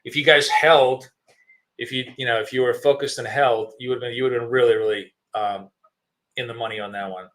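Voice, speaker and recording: Bright-voiced man talking through live trades. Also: mid-range voice, steady tone, a little fast. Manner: thinking aloud, many fillers and restarts; chewing gum while talking. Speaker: trading stream host. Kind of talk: live trading commentary.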